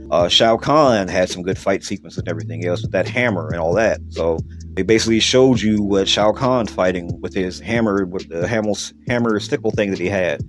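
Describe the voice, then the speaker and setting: A man hosting a podcast, giving a blunt, profane, rambling movie review. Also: fairly low pitch. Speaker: podcast host. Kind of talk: casual movie review rant.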